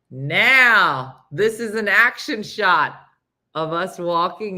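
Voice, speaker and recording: A middle-aged woman hosts a casual morning show and tells a funny story from a night out. Her pitch swings widely as she jumps in and out of her friends' voices, often breaking into laughter. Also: takes it slowly. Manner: animated, acts out friends' lines in higher voices, laughs a lot.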